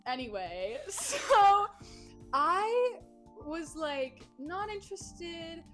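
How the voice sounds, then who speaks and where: A woman's voice: very high-pitched, very animated, extremely slow, a bit bright, soft background music. A young woman chatting casually on a podcast, telling a story with lots of giggles and quoted voices. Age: young adult. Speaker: podcast guest. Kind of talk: casual chat.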